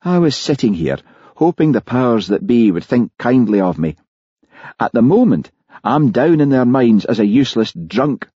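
Gloomy hard-drinking detective, snarling and self-pitying, read by a man, dark husky tone. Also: medium pitch, big pitch swings, moderate pace, no room sound, dull audio, pitched above the performer's own voice. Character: gruff hard-drinking male Scottish detective, morose.

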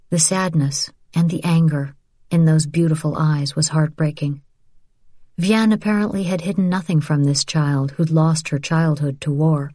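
A woman reading an audiobook in measured, even scripted narration. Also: low voice, no echo, studio quality.

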